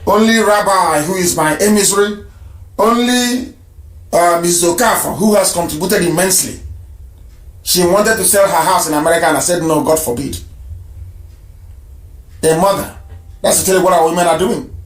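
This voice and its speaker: A man's voice: high voice, moderate pace, long pauses, roomy sound, slight background noise. A man hosting a live radio broadcast and taking calls, speaking emphatically and repeating phrases for stress.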